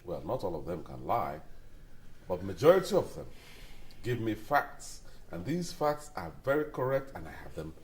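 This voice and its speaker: A deep, self-assured suspicious husband. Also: male voice, very animated, a little mellow. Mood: insistent. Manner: slow, self-assured, insistent. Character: suspicious middle-aged husband spying on wife. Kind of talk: Nollywood film acting.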